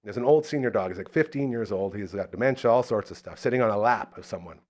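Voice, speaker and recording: A man hosting a live local talk show, telling stories in a casual, animated way and acting out the voices in them. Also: fairly low pitch, quick pace. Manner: animated storyteller, acts out the voices in his stories. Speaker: radio show host.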